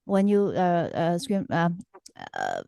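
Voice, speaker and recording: A woman's voice: on the low side, huge pitch swings, slow, vocal fry, warm tone, clear, resonant tone, no echo, clean studio sound. A woman hosting a radio interview, asking hesitant questions full of fillers. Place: radio studio.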